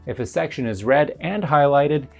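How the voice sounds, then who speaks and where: A woman teaching English in a recorded lesson, explaining clearly and step by step. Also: sits low, moderate pace, highs cut off, soft background music.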